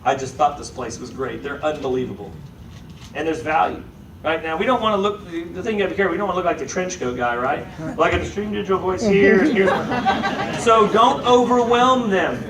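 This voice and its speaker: A man giving a motivational sales talk to a live audience, lively and joking, often checking in with the room. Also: high-pitched, brisk. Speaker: sales trainer. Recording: echoey room, voice from far off, faint noise.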